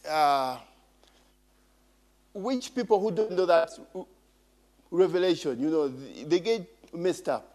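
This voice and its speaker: A male preacher delivers a sermon at an unhurried pace, in a voice pitched a little high. He keeps asking the congregation to call back answers and slips in jokes along the way. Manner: call-and-response with the congregation, joking asides.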